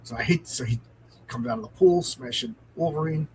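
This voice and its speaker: A man's voice: a little high, expressive, a little fast, darkish tone, slight background noise, poor audio. A man hosting a live stream, reading a comic aloud with enthusiasm and answering viewer comments.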